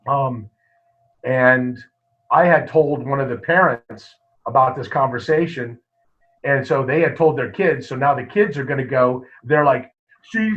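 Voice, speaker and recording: A man, a wrestling coach, telling stories in a casual interview, lively and full of quoted dialogue. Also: mid-range voice, breathy edge. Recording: muffled lo-fi podcast audio.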